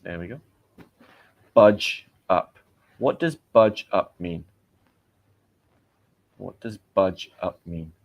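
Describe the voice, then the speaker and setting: A man's voice: deep voice, slow, creaky, long pauses. Chatty British man teaching vocabulary. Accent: British English. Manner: chatty, asks viewers quiz questions and reads out their comments. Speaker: English teacher and livestream host. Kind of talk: live-streamed vocabulary lesson.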